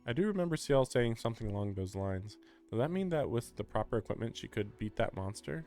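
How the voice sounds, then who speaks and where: A man's voice: mid-range voice, lively intonation, fast, mellow, faint music behind. A man streaming a visual novel, reading its text aloud and breaking off into wry, chatty commentary.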